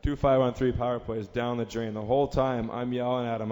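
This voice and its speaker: A man, a team captain on a fan panel, telling a lively anecdote, laughing and acting out the shouting. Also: medium pitch, a little fast. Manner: lively storyteller, laughs at own story, acts out yelling. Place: stage in a large convention hall. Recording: reverberant hall with ambient noise.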